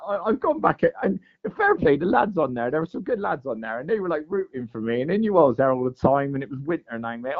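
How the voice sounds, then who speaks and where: Chatty man, lively, lo-fi sound. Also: on the high side. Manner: chatty, says "mate" and "like" constantly. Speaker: guest angler telling a fishing story. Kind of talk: casual storytelling. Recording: dull lo-fi sound.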